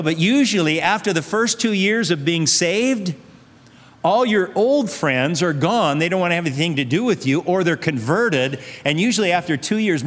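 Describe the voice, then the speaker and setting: This male preacher's voice is on the high side with a fairly bright tone. He earnestly urges his listeners using repeated phrases and rhetorical questions, and the recording carries the long reverb of a large hall.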